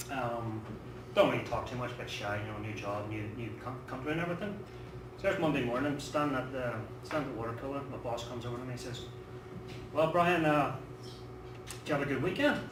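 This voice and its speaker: Northern Irish stand-up comic, rambling and self-deprecating, heard from a distance in a noisy roomy club. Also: male voice, mid-range voice. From Northern Ireland. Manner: rambling, self-deprecating storytelling with many fillers. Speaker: stand-up comedian. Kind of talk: stand-up routine. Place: comedy club stage. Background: audience laughter.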